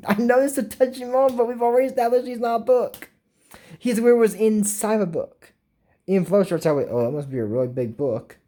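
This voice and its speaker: A woman's voice: fairly high pitch, fairly quick, dark tone. A young woman casually recapping a cartoon episode, rambling with filler words and making little whooshing sound effects. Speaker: show recap host.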